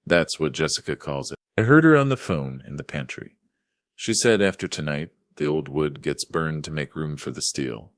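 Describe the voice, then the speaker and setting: A man's voice: rumbling low, expressive, normal speed, dry recording, clean studio sound. A man voicing a frightened tearful young woman. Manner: urgent hushed warning.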